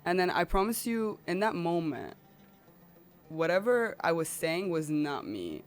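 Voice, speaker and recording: A woman's voice: fairly low pitch, big pitch swings, measured pace, faint music behind. A woman guest on a podcast telling a personal story in an emotional, rambling way.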